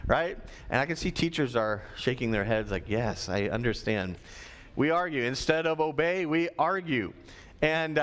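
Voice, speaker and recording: A man preaching to schoolchildren in a school chapel, as pastor and teacher, lively and teacherly, repeating his key points. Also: medium pitch. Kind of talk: sermon to schoolchildren.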